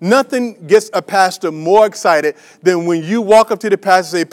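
In a markedly high voice, a male pastor delivers a sermon at a moderate pace with hardly any pauses. He repeats himself emphatically, restarts and uses fillers often, and repeatedly asks his church rhetorical questions.

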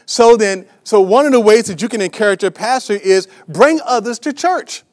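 A man's voice: high-pitched, brisk, a little mellow. A man preaching a sermon as a pastor, emphatic and repetitive, with many restarts and fillers, asking the congregation rhetorical questions.

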